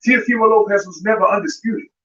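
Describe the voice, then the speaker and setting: This man's high voice stays steady in tone yet sharp, and he talks quickly. Hosting a live boxing broadcast, he rants confrontationally straight at a fighter, captured in a roomy, distant, dull recording with music behind him.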